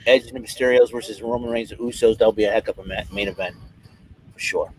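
A man co-hosting a casual podcast chat, animated and quick to exclaim. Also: lowish voice, a little hiss or hum, poor audio. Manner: animated, exclaiming, speaks with disgust at odd foods. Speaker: podcast co-host.

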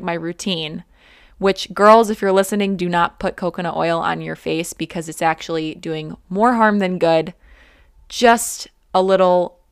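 A young woman casually telling a personal story, chatty and animated, with many "like" fillers. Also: mid-range voice, creaky, dry recording, clean studio sound.

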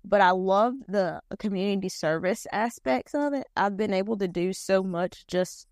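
Wanita bersuara logat Selatan Carolina Utara yang santai. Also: female voice, medium pitch, normal speed, a little mellow, no echo, studio quality. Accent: Southern US, eastern North Carolina. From North Carolina. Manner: chatty, down-to-earth, many fillers. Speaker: podcast guest, pageant titleholder. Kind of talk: casual conversation.

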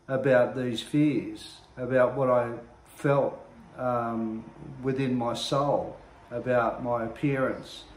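Slow, earnest man in an echoey room. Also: mid-range voice. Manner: earnest, reflective, searching for words. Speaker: speaker sharing his recovery story. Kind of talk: personal testimony monologue. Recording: roomy echo.

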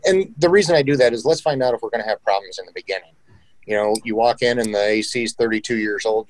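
Lowish voice guy chatting about work, plain and practical, dry close sound. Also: dry recording, poor audio. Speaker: real estate agent guest. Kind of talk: casual conversation.

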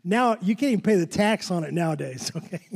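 A man's voice: high voice, creaky, husky, in a large hall. An older man preaching a sermon in a church sanctuary, fervent and repetitive, with chuckles. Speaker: pastor.

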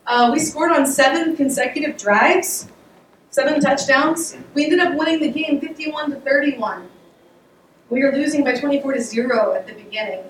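A woman giving a casual devotional talk, conversational and animated, with laughs and restarts, her voice getting worn. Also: high-pitched, moderate pace, slight background noise. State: losing her voice. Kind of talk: casual sermon. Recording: echoey room, voice picked up from a distance.

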